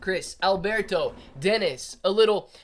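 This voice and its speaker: On a very noisy recording, a man with a high-pitched voice runs a casual live stream at an unhurried pace. He reads viewer chat aloud and chats loosely with the audience, addressing people as dude and man.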